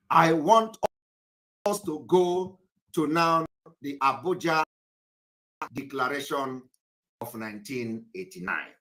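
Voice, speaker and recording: Commentator scolding viewers, lots of rhetorical questions, bright voice that swoops all over. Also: mid-range voice, expressive, takes it slowly, long pauses, poor audio. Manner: emphatic, scolding, asks repeated rhetorical questions. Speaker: political commentator. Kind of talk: livestream commentary, lecturing viewers.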